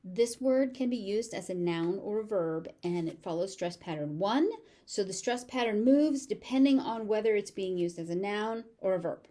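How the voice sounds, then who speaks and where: A woman with a General American accent teaching pronunciation, repeating each word slowly before explaining its sounds and stress. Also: mid-range voice, animated, warm tone. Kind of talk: slow, deliberate pronunciation drill.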